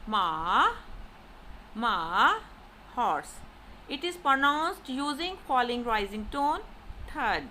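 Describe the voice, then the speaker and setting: A woman giving a slow lesson as a language teacher, saying example syllables one by one with exaggerated rises and falls. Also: high voice, animated, sharp tone, a little hiss or hum. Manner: deliberate, repeats example syllables with exaggerated tones. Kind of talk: slow explanatory lesson narration.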